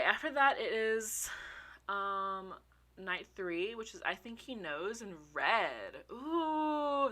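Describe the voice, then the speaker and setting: A young woman chatting casually to her viewers, excitable, swearing freely and laughing often. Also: mid-range voice. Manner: talks to her viewers as y'all. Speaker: vlogger. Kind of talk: casual chat.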